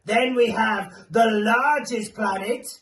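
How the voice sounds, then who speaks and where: A man's voice: high voice, takes it slowly. A man voicing Blur, a playful creature who teaches children and asks them to call back answers. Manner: bouncy and playful, calls for audience replies. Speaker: children's presenter. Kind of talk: children's theatre character. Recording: roomy echo, far from mic, faint hiss.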